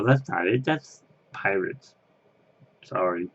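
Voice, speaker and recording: Slow gravelly man chatting. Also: lowish voice, lo-fi sound. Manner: rambling, chatty, laughs at himself. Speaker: Disney fan interviewee. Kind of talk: casual chat.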